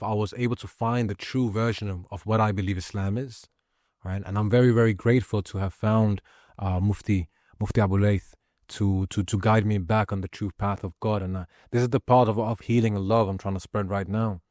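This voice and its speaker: Guy ranting on his vlog, low voice, swears constantly, dry close sound. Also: no room sound. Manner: profane, ranting, forceful. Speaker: vlogger. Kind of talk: heated personal monologue.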